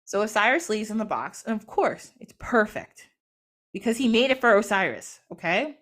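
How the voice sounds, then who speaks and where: A woman podcast host retelling a myth in a casual, animated way, giggling and acting out quotes. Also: mid-range voice, moderate pace. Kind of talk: casual storytelling.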